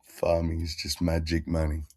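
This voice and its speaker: A man's voice: extremely low pitch, monotone, normal speed, no echo, studio quality. A man hosting a casual chat in a crude, rambling, laid-back manner. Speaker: stream host.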